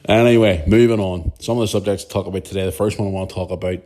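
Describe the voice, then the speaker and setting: A man's voice: sits low, dark tone. A man, hosting a podcast in a rambling, emotional monologue that swears freely. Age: 40s. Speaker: podcast host. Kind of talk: casual monologue.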